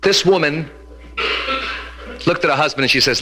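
A man doing stand-up comedy, telling quick jokes with Yiddish punchlines and slipping into character voices. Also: mid-range voice, expressive, bright, forceful tone, breathy edge. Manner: rapid storytelling, drops into Yiddish phrases and character voices. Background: audience laughter.

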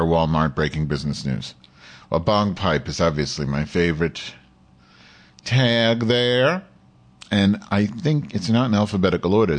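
A man with a slightly low voice reads a news article aloud on his casual show. He trips over words, curses at himself, and throws sarcastic remarks at his listeners. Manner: profane, sarcastic, stumbles over words while reading. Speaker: show host.

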